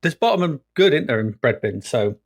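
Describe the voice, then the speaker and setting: A man's voice: medium pitch, very animated, brisk. A man co-hosting a podcast in casual chat, with wry, dry humor, laughing along. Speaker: podcast co-host.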